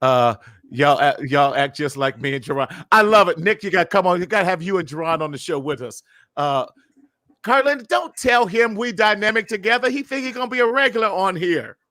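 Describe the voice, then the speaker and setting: A man hosting a casual live-stream chat over a video call, animated, laughing often and repeating words. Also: high-pitched, fairly quick, dry recording, studio quality. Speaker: host.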